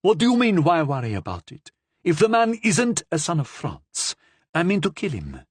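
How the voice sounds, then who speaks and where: A man's voice: fairly high pitch, huge pitch swings, moderate pace, breathy edge, no echo, pitched above the performer's own voice, full character voice. A man voicing a jealous, hot-headed young marquis who talks in an agitated, indignant way. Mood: furious.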